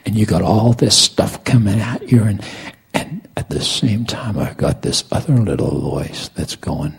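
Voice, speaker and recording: A middle-aged man preaching a sermon as a story. He tells it dramatically, swinging from loud lines to hushed whispers. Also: sits low, very animated, measured pace. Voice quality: gravelly, raspy.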